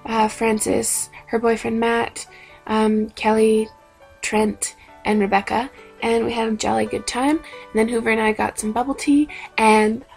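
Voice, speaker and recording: Chatty young woman with gravelly voice. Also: a little slow, soft background music. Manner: animated, chatty, acts out quotes in higher voices. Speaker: vlogger. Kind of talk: casual storytelling vlog.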